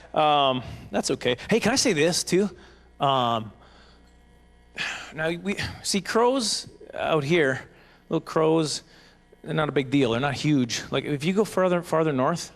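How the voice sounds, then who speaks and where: Man, stand-up comedian, slightly high voice, gravelly, rambling self-mocking delivery. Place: banquet hall stage.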